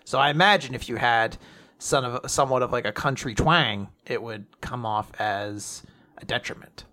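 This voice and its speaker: A man's voice: medium pitch, moderate pace, pushed and bright. A man co-hosting a casual podcast, animatedly retelling a manga and acting out its characters' lines. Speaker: podcast co-host.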